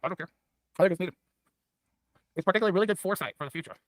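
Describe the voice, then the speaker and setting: A man's voice: sits high, racing, no room sound, clean studio sound. A man streaming, rambling loosely and profanely while a bit drunk. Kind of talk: rambling casual stream chat.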